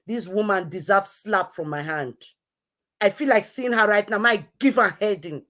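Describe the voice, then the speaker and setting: A woman's voice: medium pitch, normal speed, fairly bright tone. Scolding woman. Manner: scolding, repetitive, emphatic. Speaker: online show host. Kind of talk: heated live-stream rant.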